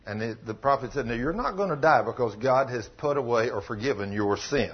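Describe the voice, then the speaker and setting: A man preaching a sermon, retelling a story, dropping to low murmurs and rising to loud exclamations. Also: lively intonation, fairly quick, few pauses, husky. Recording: dull lo-fi recording.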